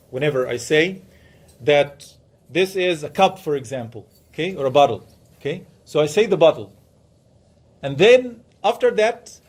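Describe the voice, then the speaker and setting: A man's voice: on the high side, a little mellow. A man, a professor giving a classroom lecture who explains by asking the class questions and repeating key words. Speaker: professor teaching Quran commentary. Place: classroom with students.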